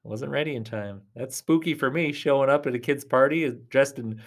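A man hosting a casual solo podcast talks straight to his listeners, rambling and chatty, with a reassuring tone. His medium-pitched voice moves briskly and often drops into soft near-whispers.

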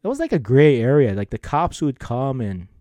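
A man hosts a podcast in a medium pitch at a moderate pace, recorded in clean studio sound without echo. His monologue is a loose, casual stream of stories, punctuated by laughs and animated reenactments of people's remarks.

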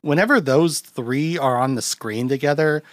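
A man's voice: on the high side, moderate pace, no echo. A young man hosting a casual podcast, chatting about a film in a rambling way, full of fillers and laughter. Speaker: podcast host.

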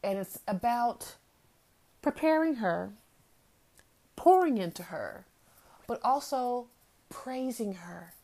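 A woman's voice: on the high side, expressive, slow pace, long pauses, warm tone. Earnest woman giving a motivational talk. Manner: earnest, repeats key phrases for emphasis. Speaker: host of a talk series.

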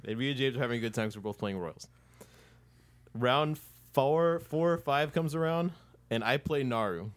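A man co-hosting a casual chat, narrating a story briskly and teasing his friend. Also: medium pitch. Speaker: podcast co-host.

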